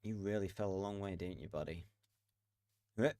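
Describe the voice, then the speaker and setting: A man's voice: deep voice, moderate pace, darkish tone, no echo. A man giving casual commentary while playing a building game, muttering to himself, swearing now and then and laughing. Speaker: gaming video creator.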